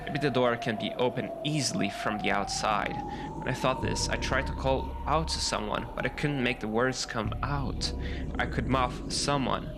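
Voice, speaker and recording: A man's voice: medium pitch, normal speed, natural voice. A man reading aloud the inner voice of a frightened young woman trapped in a room. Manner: first-person narration, growing panicked. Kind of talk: reading a visual novel aloud. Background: loud game music.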